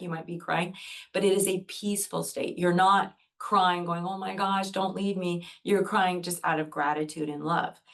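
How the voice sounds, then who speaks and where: A woman teaching Reiki on a group video call, speaking earnestly and gently as she guides breathing step by step. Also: on the low side, creaky. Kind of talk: gentle talk to an online group.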